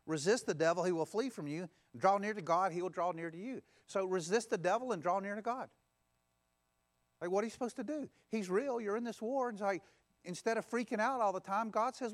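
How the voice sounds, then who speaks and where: High-voiced man preaching a sermon. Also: fairly quick. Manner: exhorting, repeats phrases and leads call-and-response. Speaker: pastor. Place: church.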